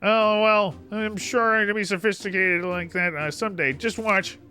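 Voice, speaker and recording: A man putting on a soft, high-pitched timid duck girl. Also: steady tone, moderate pace, soft background music. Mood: sweet. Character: timid gentle female duck creature.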